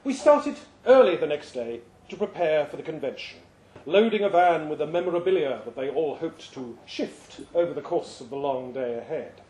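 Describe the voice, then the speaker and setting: Lively male reader, roomy live room. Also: on the high side. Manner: lively, expressive storytelling. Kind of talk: live reading of a short story. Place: live reading event at a pub. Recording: roomy live venue sound.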